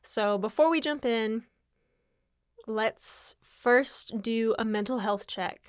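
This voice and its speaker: A woman's voice: on the high side, slow pace, no echo, clean studio sound. A young adult woman hosting her own podcast in casual, candid chat, tired and laughing often. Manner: candid, rambling, with frequent laughs. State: exhausted. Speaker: podcast host.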